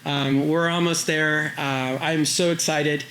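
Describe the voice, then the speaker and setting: A man, an Olympic champion, giving halting, emotional remarks at a public event, with many fillers and restarts. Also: fairly high pitch, fairly even intonation, noisy background. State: choked up with emotion. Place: airport event space. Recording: echoey event hall.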